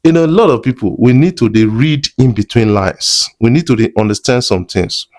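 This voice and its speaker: In his commentary vlog, a Nigerian entertainment blogger talks to viewers in a chatty mix of Pidgin and English, with a Pidgin accent. He speaks fairly quickly, his medium-pitched voice having a darkish tone.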